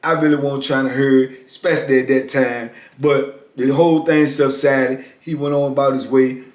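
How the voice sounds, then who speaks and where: A middle-aged former prisoner and motivational speaker tells a story in a blunt, streetwise, casual manner, repeating "you know what I'm saying." His medium-pitched voice has a flat delivery at normal speed, recorded in an echoey room.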